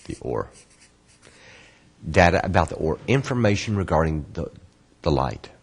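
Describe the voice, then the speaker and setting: A man teaching an online course, patiently answering student questions and explaining terms slowly with repetition. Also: deep voice, very animated, slightly rough. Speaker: Kabbalah course instructor.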